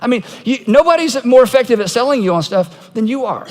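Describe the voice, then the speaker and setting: A man's voice: very high voice, sing-song, brisk, a little mellow, in a large hall. A man preaching a sermon as pastor, telling stories in a conversational way and acting out quoted voices with humor.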